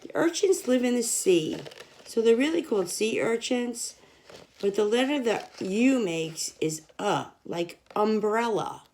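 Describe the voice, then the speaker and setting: A woman's voice: fairly high pitch, slight background noise. A young woman teaching children, reading an alphabet picture book aloud and sounding out each letter. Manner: slow, sounding out letters, lively sing-song.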